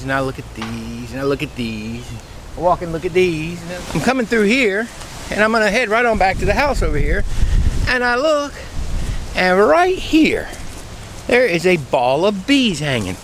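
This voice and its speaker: A man with a slightly raised pitch chats casually outdoors about his bees. His storytelling is rambling and folksy, full of restarts. His voice has a faint squeak from the dry air. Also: sing-song, moderate pace, fairly bright tone, slight background noise. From Louisiana, USA. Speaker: beekeeper. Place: outdoor bee yard.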